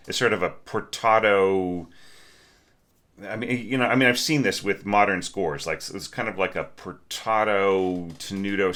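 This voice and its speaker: Deep, bright-voiced music teacher singing examples. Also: male voice. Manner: sings phrases and articulations aloud as examples; chatty, apologetic, frequent fillers. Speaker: orchestration teacher reviewing scores. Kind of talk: casual score critique.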